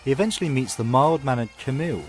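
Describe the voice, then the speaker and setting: This medium-pitched, fast-talking man co-hosts a film podcast, animatedly bantering and reading out scripted reviews with plenty of enthusiasm.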